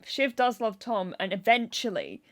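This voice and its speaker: A woman's voice: a little high, normal speed, a loud crowd. A woman guest-hosting a podcast, chatting casually and acting out quotes with laughs. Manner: animated, acts out quotes with laughs.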